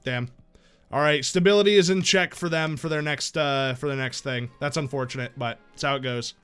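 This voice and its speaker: A man's voice: medium pitch, brisk, a bit bright, smooth, faint music behind. A man streaming a game live, thinking aloud in casual, profane chat.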